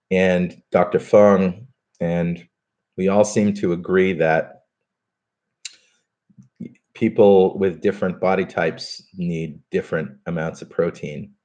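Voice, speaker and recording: Deep-voiced man chatting on a live stream. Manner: relaxed, chatty, many fillers and restarts. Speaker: podcast host doing a live stream. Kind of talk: casual live-stream chat reading comments.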